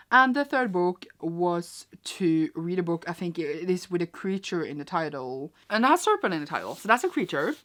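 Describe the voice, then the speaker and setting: Chatty low-voiced young woman vlogger. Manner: chatty, rambling, many fillers and restarts. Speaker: book vlogger. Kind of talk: casual book wrap-up vlog. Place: cold room at home.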